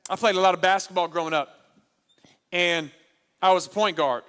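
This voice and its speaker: A man preaching at a marriage conference, animated and humorous, repeating his key lines for the crowd. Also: sits high, moderate pace, smooth. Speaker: pastor. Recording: long hall reverb.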